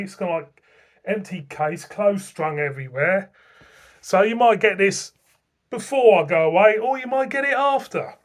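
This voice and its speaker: A man with a Northern English accent reviewing beer in a blunt, rambling, sweary way. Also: a little high. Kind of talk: casual beer review vlog.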